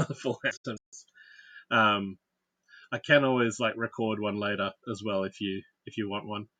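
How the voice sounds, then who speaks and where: A man's voice: fairly low pitch, steady tone, measured pace, sharp tone, no room sound. A man hosting a casual livestream, chatting and greeting viewers by name while he builds. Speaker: livestream host.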